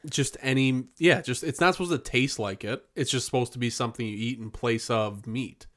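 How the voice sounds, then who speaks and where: A man's voice: medium pitch, a little fast, fairly bright tone. A man from Wisconsin hosts a podcast with easy, joking banter. His voice sits in the middle range, and he peppers his talk with swearing. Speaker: podcast host. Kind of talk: casual chat.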